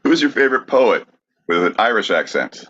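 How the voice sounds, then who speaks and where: Man, podcast host, deadpan, calm, dry, lo-fi. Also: lowish voice, normal speed, breathy edge, dry recording. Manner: calm, deadpan segment announcing. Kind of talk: comedic podcast hosting. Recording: dry, dull lo-fi sound.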